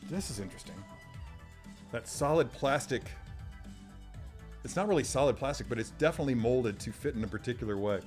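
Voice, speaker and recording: A man's voice: medium pitch, expressive, a little fast, long pauses. A man hosting a casual live stream, chatty and self-deprecating, thinking aloud and answering viewer comments as he works. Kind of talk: casual live-stream chat while unboxing. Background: faint sci-fi music.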